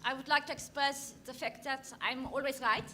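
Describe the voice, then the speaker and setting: A woman's voice: high-pitched, fairly even intonation, moderate pace, lightly acted. A woman voicing an imperious female photographer with a thick put-on accent, commanding and haughty, in a noisy convention hall.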